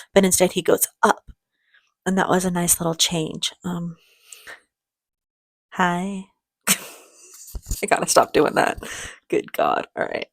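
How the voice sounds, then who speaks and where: A woman's voice: fairly low pitch, no room sound. A woman hosting a reaction video, talking in a chatty, rambling way with easy laughter and sounding emotional, close to tears. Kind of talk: casual reaction chat.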